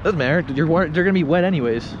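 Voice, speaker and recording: A young man vlogging outdoors on a snowy mountain hike, excitable, swearing and a bit out of breath. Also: on the high side, fast talker, dull audio, noisy background. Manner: excitable, swearing, laughing often. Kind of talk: casual hiking vlog chat. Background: loud music.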